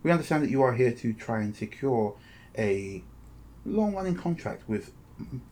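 A man's voice: mid-range voice, big pitch swings, normal speed, mellow. A man voicing a small, feminine robot shaped like a kobold, speaking courteously and formally. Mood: polite.

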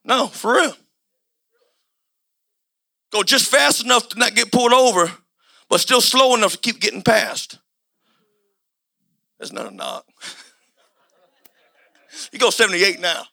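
A man preaching a sermon in a colloquial, repetitive, impassioned way, often rising to a shout. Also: very high voice, unhurried, vocal fry, long pauses.

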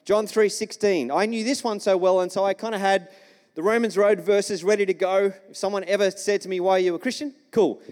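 A man's voice: sits high, fairly even intonation, a little fast, a little mellow. A male pastor preaching a sermon in a church, telling a story and asking the congregation questions. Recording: long reverb of a church hall.

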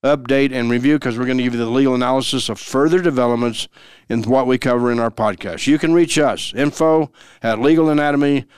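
A man's voice: medium pitch, quick pace, clean tone, no room sound, studio quality. Folksy man hosting a legal podcast. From Denver, Colorado. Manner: folksy, repeats key phrases for emphasis. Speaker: podcast host and lawyer.

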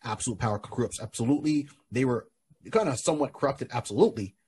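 A man's voice: medium pitch, lively intonation, quick pace, a little mellow, husky. A man hosting a podcast, casually and animatedly retelling a comic book story with many restarts. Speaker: podcast host. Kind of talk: casual chat.

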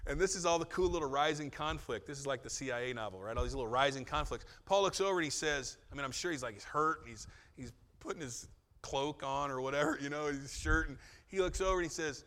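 Bright-voiced male pastor preaching casually. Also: on the high side, expressive, brisk, big-room sound. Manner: conversational, joking asides, acts out quotes. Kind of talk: sermon.

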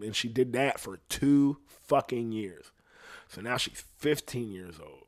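A man telling a story in a casual, rambling monologue, swearing bluntly and getting loud and high when outraged. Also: measured pace, gravelly, dry recording, studio quality.

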